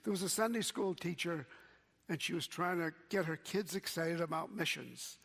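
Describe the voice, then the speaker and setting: Male pastor, sermon, high voice for a man, long hall reverb. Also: creaky, fairly bright tone. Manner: slow, measured preaching with quoted scripture.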